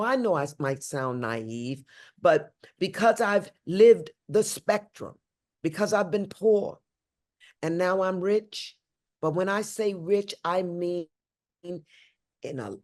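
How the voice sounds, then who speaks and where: An older woman from St. Louis talks as an interview guest, warm and heartfelt. Her voice leaps high and loud on exclamations, then drops low and hushed. The delivery is lively and emotional throughout. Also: takes it slowly. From St. Louis, USA.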